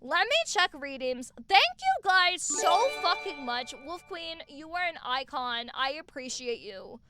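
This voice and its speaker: A woman streaming live from home on a desk mic, chatting casually, excitable and swearing freely as she gushes thanks at her viewers. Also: sits high, a little slow, loud music behind the voice.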